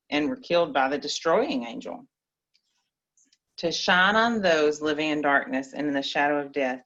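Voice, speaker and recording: A woman reading scripture in a measured way, then chatting playfully with a child on a video call. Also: deep voice, fairly bright tone, lo-fi sound.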